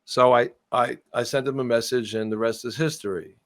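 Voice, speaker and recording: A man talks in an easy, meandering way as the guest on a video call. He keeps trailing off and starting over while he tells his story. His voice sits at a middling pitch, and the sound is dry and close, with no room around it. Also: fairly even intonation, a little fast, a bit bright, no echo. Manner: rambling, trailing off and restarting. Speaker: guest musician. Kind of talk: casual interview storytelling.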